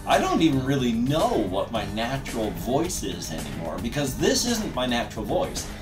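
A man's voice: moderate pace, recorded from a distance. Middle-aged man shifting between two voice registers. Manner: switches between a pushed higher register and a relaxed deeper tone. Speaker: gaming vlogger. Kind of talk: casual monologue. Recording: roomy echo, off-mic, music behind.

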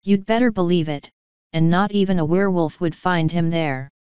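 A gruff, slow-drawling male street dog from a storybook, as a woman reads him, with a low, crisp voice and lazy dropped g's. The dull, dry recording has a muffled top. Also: dry recording, close to an everyday voice.

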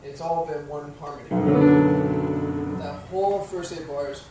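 A man's voice: on the high side, steady tone, unhurried. A man teaching piano, explaining rhythm patiently and counting beats aloud. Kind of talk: instructional music lesson. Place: piano studio. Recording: roomy studio, distant mic, piano playing.

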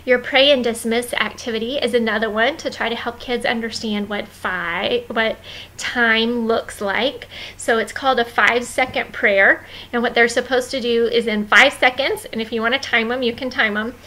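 Woman, children's ministry leader, fairly high voice, bright tone, friendly, instructive, lots of fillers. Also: fairly even intonation, normal speed, poor audio. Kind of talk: volunteer training walkthrough.

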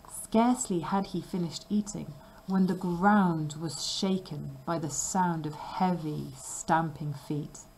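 Slow, careful woman reading a story. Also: lowish voice, a little mellow, a little hiss or hum, poor audio. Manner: slow, careful and clearly paced. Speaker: storybook reader.

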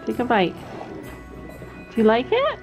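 A woman talks into a handheld camera outdoors at a horse barn, chatty and easily amused. Her voice sits high. Music plays clearly behind her. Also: huge pitch swings, measured pace, rough recording. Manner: giggly and chatty, often laughing. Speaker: vlogger. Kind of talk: casual family vlog chat.

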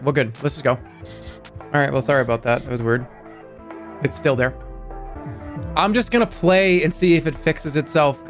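A man in his thirties streaming games live, talking to his chat in an excitable, exasperated way, swearing and breaking into high-pitched outbursts. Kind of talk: live game stream commentary.

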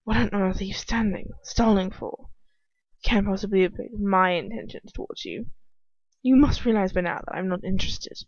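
A woman's voice: medium pitch, normal speed, no room sound, lightly acted. A woman voicing a cold, sneering aristocratic man who drawls with contempt, in a dry, dull lo-fi home recording. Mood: contemptuous.

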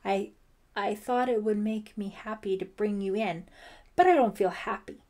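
A woman's voice: medium pitch, moderate pace, dark tone, natural voice. A woman playing a grim police lieutenant. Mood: firm. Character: grim middle-aged male police lieutenant. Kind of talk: audiobook character voice.

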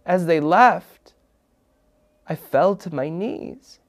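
A man's voice: a little high, extremely slow, long pauses. A man from Minnesota hosting a children's show, telling a story dramatically and dropping into whispers for suspense. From Minnesota, United States. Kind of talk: storytelling for kids.

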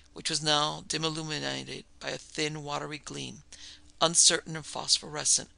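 A man narrating a ghost story in a measured, even storytelling delivery. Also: on the high side, creaky, no echo, low-quality recording. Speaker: narrator and producer.

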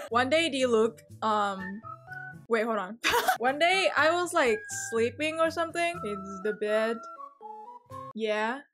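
A woman's voice: on the high side, lively intonation, takes it slowly. A young woman vlogger giving playful, giggly game commentary with dramatic outbursts. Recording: loud background music. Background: loud music.

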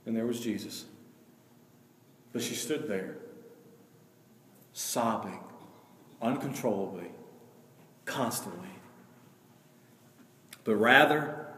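A male pastor preaching a sermon. He swings between hushed, slow passages and loud, emphatic rises, and he reads scripture slowly and deliberately. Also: medium pitch. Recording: echoey hall with long reverb.

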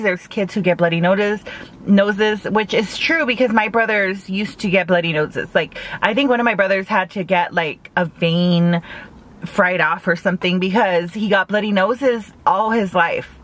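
A woman casually chatting in a mukbang vlog from a parked car, talking fast with lots of "like" and laughing at her own jokes. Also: medium pitch, fairly bright tone. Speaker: vlogger.

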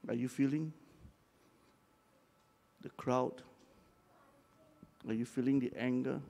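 A man's voice: mid-range voice, fairly even intonation, takes it slowly. An older man preaching a dramatic sermon and leading the congregation in call-and-response. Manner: dramatic, leads the crowd in call-and-response shouts. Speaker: pastor.

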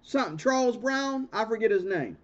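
Vlog host, male, high-pitched, confrontational and emphatic; muffled lo-fi recording. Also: expressive, fairly quick, a bit bright. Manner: emphatic, repetitive, stammering restarts; confrontational, ranting. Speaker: channel host. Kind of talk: monologue commentary vlog. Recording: dull lo-fi recording.

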